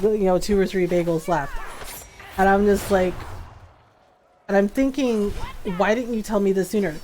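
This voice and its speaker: A middle-aged woman streaming a game, chatting casually and telling an animated story, laughing often and acting out what people said. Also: medium pitch, slight background noise. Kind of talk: casual chat while gaming.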